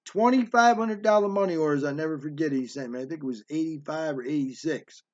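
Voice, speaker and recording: A man's voice: fairly high pitch, fast talker, a little mellow. A man in his fifties telling a story from his past in a blunt, streetwise way, often checking in with "right?". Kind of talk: casual spoken storytelling. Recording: dull lo-fi recording.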